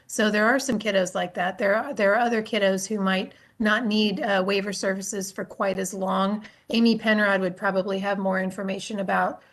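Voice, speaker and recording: A woman from a state agency gives formal testimony before a legislative committee, explaining things in a measured way with frequent filler sounds. Her voice is mid-range.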